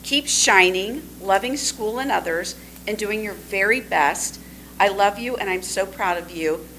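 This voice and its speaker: Bright-voiced woman reading award praise. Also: medium pitch, a little slow, slight background noise, rough recording. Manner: warm and gushing, trails off to a hush when aside. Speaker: school administrator presenting student awards. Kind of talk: reading award tributes at a meeting.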